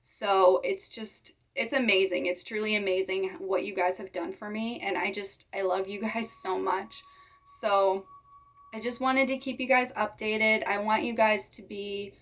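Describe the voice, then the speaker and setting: A young woman talking to her viewers in a personal vlog, speaking sincerely and haltingly while holding back tears. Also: mid-range voice, fairly even intonation, a bit bright. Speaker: reptile keeper vlogger. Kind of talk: emotional personal vlog talk.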